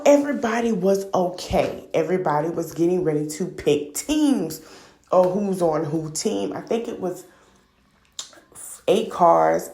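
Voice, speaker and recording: Low gravelly woman recapping gossip. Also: darkish tone, echoey room. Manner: gossipy and opinionated, slangy storytelling. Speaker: podcast host. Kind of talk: casual reality-show recap.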